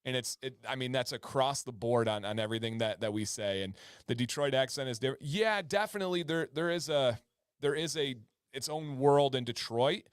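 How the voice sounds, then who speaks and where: A man's voice: medium pitch, brisk, clean tone, no echo, clean studio sound. A man co-hosting a casual livestream chat, chatty and acting out pronunciations as he explains. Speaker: co-host.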